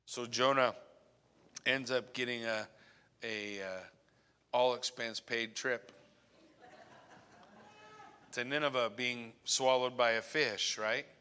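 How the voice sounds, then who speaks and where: A man preaching a sermon as pastor, earnest, often dropping to a hushed voice on key points. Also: medium pitch, steady tone, slow pace, pauses often, clean tone. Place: church sanctuary. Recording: long church reverb.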